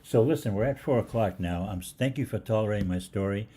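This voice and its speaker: A man's voice: lowish voice, fast talker, dark tone, breathy edge. An older man hosting a live health Q&A, telling rambling stories with lots of fillers and restarts. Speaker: holistic health host. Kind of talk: live Q&A storytelling.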